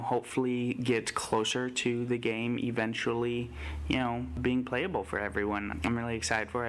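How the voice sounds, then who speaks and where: A man's voice: medium pitch, fairly bright tone. A man co-hosting a podcast, running through news in a casual, enthusiastic, rambling way. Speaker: podcast co-host.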